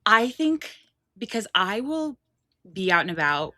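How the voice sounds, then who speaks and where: A woman's voice: medium pitch, sing-song, a little slow, bright, forceful tone, dry recording, studio quality. A woman in her thirties co-hosting a podcast, chatting casually and animatedly, full of slang. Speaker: podcast co-host. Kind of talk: casual chat.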